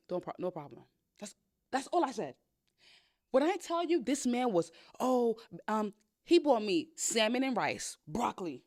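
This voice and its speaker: A woman hosting a podcast, giving candid dating advice in a blunt, sassy, profane big-sister way with animated storytelling. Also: mid-range voice, no echo. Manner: animated storytelling with playful quoted voices. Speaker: podcast host.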